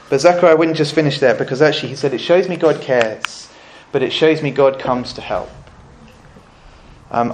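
Earnest man preaching a sermon. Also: fairly high pitch. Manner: earnest, rhetorical questions to the congregation. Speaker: pastor.

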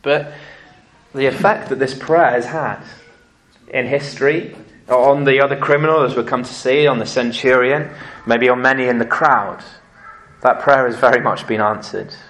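A man preaching a sermon, telling stories lively and acting out what people said. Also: medium pitch, moderate pace. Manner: lively storytelling, acting out quotes.

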